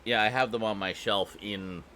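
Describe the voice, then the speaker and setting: Man, podcast co-host, very deep, bright-toned, enthusiastic, laughs often, faint hum. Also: steady tone, normal speed. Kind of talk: casual chat.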